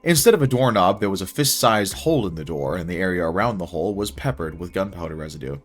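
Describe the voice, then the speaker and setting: A man's voice: deep voice, lively intonation, quick pace, hardly any pauses, faint music behind. A young man reading his own first-person story aloud in a wry, casual way.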